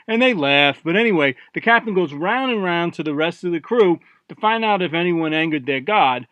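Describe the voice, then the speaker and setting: A man reading his own short story aloud in an offhand, deadpan, irreverent way. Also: a little high, normal speed, hardly any pauses, no room sound. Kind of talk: casual first-person story reading.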